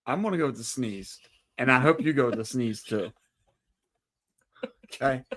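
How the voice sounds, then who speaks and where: A man's voice: medium pitch, normal speed, fairly bright tone. A middle-aged man co-hosting a casual livestream, trading dry, teasing banter. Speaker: livestream co-host.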